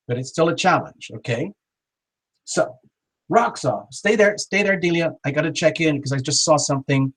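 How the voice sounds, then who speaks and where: Brief: male tarot reader on a live stream, encouraging and chatty, slightly higher voice. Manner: warm, encouraging, chatty, with playful exaggerated voices. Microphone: small built-in camera mic. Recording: small camera on a poor live-stream connection.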